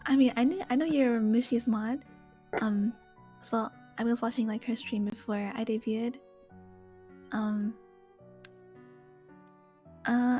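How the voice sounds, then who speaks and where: A woman's voice: fairly high pitch, dark tone. A woman chatting as a guest on a live stream, giggly and hesitant with frequent "um"s. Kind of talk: casual chat.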